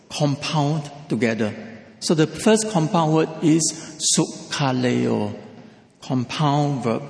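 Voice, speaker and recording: A man's voice: a little high, creaky, darkish tone. A man preaching a sermon, emphatic and repeating key phrases. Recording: echoey hall.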